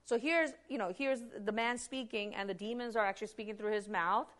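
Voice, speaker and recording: A woman preaching a sermon in an animated, emphatic way, with frequent restarts and acted-out quotes. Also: fairly high pitch, fairly quick.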